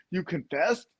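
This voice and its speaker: A man's voice: very high voice, vocal fry, husky. A man in his thirties co-hosting a podcast, chatting casually and telling stories with lots of laughter. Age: 30s. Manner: laughing, animated storytelling. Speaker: podcast co-host. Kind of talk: casual chat.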